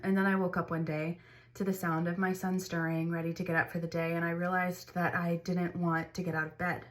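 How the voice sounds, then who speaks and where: A woman speaks to her phone camera in a storytime vlog, candid and earnest. Her voice sits a little on the low side. She talks in a conversational way. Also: little pitch movement, brisk. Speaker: mother sharing her story.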